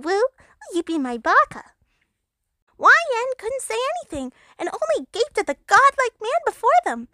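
A woman with a very high, bouncy voice reads an absurd fanfiction aloud in mock-dramatic style. Her tone is bright and lively, and the recording is dry and close to the mic. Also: no room sound. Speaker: narrator. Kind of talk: comedic fanfiction reading.

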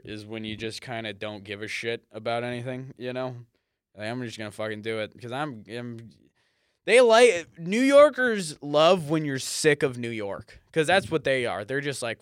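A man's voice: mid-range voice, a bit bright, no echo, clean studio sound. A young man hosting a solo podcast, rambling and cursing freely as he drifts off topic. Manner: rambling, profane, easily sidetracked. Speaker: podcast host. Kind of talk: casual solo podcast monologue. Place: apartment or small home studio.

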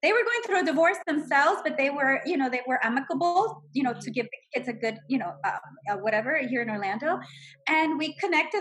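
A woman in her forties sharing an emotional personal testimony, telling it in a heartfelt, animated way. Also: high-pitched, brisk, rough recording. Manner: heartfelt, animated storytelling with laughs. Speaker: guest sharing her story.

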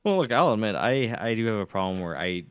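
Deep, smooth, hesitant man on a dry mic. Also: big pitch swings, quick pace, dry recording. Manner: hesitant, stammering, hedging with "I mean". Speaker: podcast co-host. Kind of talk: casual stream chat.

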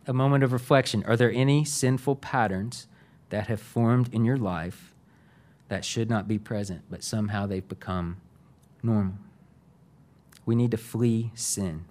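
A middle-aged man, a pastor giving a sermon in an earnest, conversational way. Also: medium pitch. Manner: conversational, earnest, uses fillers.

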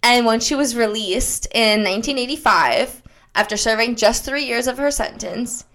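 A woman co-hosting a podcast in casual chat, playful and giggly, a bit tipsy and high as she tells a story. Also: moderate pace, fairly bright tone. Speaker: podcast co-host.

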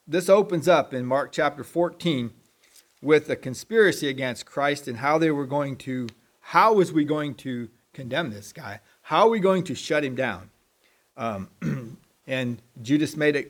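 A man giving an unscripted sermon as a lay preacher, talking in a halting, conversational way and often clearing his throat. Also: mid-range voice.

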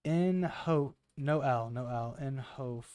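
A man's voice: medium pitch, slow, darkish tone, no room sound. A man in his twenties giving blunt, sarcastic political commentary with some swearing. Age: 20s.

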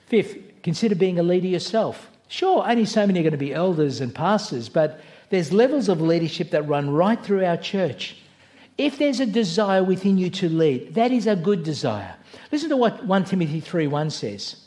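Pastor, male, fairly high voice; earnest sermon delivered in a chatty, off-the-cuff way in church. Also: sing-song, moderate pace, a little mellow. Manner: earnest, conversational preaching with asides and self-corrections.

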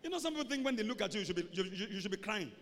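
A male pastor preaching a call-and-response sermon, swinging between loud emphatic calls and low asides. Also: big pitch swings, rapid-fire. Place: church sanctuary. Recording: reverberant church hall, faint noise.

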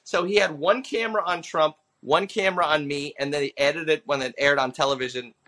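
A man's voice: on the high side, fairly quick. A man in his thirties, a comedian telling stories on a casual podcast, acting out the people he quotes. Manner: animated storyteller, acts out quoted people. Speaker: comedian and impressionist guest.

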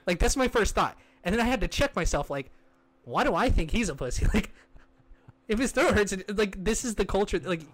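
A man with a fairly high voice chats about movies with a co-host. He tells stories in an animated, rambling way, full of fillers and restarts. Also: a little fast. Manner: animated storyteller, lots of likes and restarts. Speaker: podcast co-host. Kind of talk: casual movie discussion.

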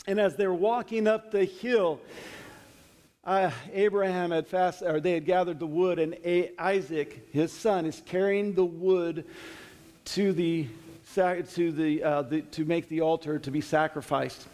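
Earnest high-voiced man preaching in a hall. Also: fairly even intonation, a little slow, darkish tone. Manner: earnest, conversational storytelling with frequent restarts. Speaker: Bible teacher. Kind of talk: sermon.

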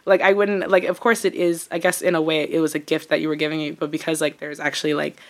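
Rambling, effusive young woman, low-pitched. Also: level tone, quick pace. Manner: rambling, heavy use of "like", effusive. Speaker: podcast co-host. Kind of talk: casual chat.

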